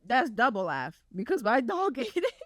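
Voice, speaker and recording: A woman's voice: on the high side, sing-song, normal speed, no room sound. A young woman in her late teens co-hosting a casual podcast, teasing and giggly. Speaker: podcast co-host. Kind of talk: casual chat.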